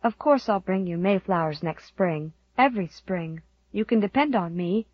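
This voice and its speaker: A woman's voice: medium pitch, normal speed, breathy edge, dry recording, lo-fi sound, natural voice. A woman voicing an earnest, sleepy little boy in an audiobook.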